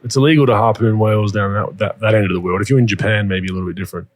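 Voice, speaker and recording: A man hosting a basketball podcast, relaxed and joking in casual chat. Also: fairly low pitch, very fast. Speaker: podcast host. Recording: music playing clearly behind.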